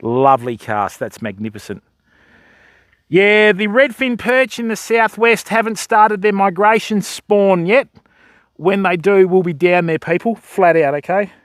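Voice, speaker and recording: Lively joking Western Australian man. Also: sits high, a little slow, dry recording. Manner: joking, bantering with chat. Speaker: fishing livestream host. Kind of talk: casual livestream chat. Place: outdoors by a river shore.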